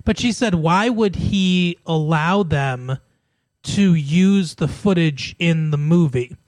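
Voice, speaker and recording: A man with a fairly high voice talks through a casual podcast conversation, retelling scenes and laughing often. The sound is dry and close, with no room around it. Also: slow, darkish tone, no echo. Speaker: podcast co-host. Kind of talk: casual chat.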